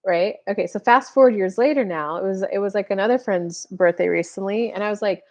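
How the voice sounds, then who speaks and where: This thirties-aged tarot reader keeps her live-stream casual and talkative, peppering it with "like" and playing out made-up exchanges. She speaks fairly quickly in a medium pitch with a darkish tone.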